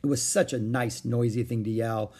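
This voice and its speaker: A man reading a children's book aloud in an expressive storytelling manner. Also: medium pitch, moderate pace, husky.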